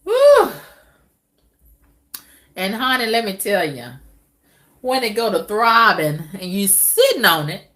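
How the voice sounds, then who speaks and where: A middle-aged woman vlogging in a candid, casual monologue to her viewers, drawling with loud whoops and exclamations. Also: medium pitch, sing-song, measured pace.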